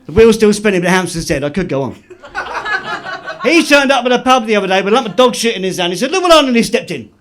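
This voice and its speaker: Comic guy, high voice, deadpan one-liners on a club stage. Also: crowd noise. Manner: deadpan joke delivery with quick self-laughs. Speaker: stand-up comedian. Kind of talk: live stand-up one-liners.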